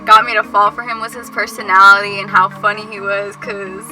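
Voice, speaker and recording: A woman's voice: medium pitch, flat delivery, fairly quick, sharp tone, faint music behind, low-quality recording. A woman of twenty co-hosting a couple's Q&A, giggly, filling her talk with "like". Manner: giggly, heavy use of "like". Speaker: co-host of couple's channel. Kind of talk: casual Q&A chat.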